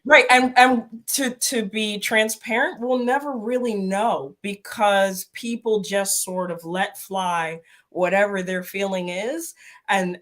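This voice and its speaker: A woman's voice: medium pitch, fairly bright tone. A woman co-hosting a spiritual podcast, talking casually. She thinks aloud, often hesitates and restarts her sentences. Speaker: podcast co-host.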